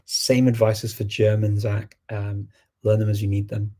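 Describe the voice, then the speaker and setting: A man's voice: lowish voice, flat delivery, moderate pace, dark tone. A middle-aged man hosting a casual livestream Q&A, rambling and thinking aloud with many fillers. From England. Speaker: host. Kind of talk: livestream Q&A chat.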